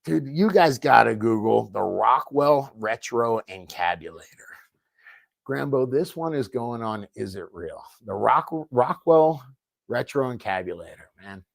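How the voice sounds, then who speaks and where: A man co-hosting a casual chat, joking and slangy, telling animated stories. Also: mid-range voice, unhurried, gravelly, no room sound.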